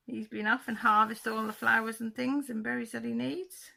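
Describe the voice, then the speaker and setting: A woman's voice: a little high, little pitch movement, brisk, vocal fry, few pauses, bright, forceful tone. A woman hosting a channel, chatting casually and chuckling to viewers as she flips through a book. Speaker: channel host.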